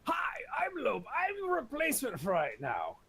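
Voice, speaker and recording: A man's voice: very high voice, wildly swooping pitch, moderate pace, vocal fry, sharp tone. A man playing his cleric in a tabletop game, breezy and jokey, with mock dignity. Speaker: player voicing his cleric. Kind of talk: tabletop game role-play.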